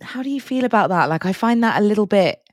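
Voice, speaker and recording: A British woman co-hosts a podcast, chatting casually and animatedly, laughing often and trying silly impressions. Her voice is mid-range and quick-paced, recorded with clean studio sound and no echo.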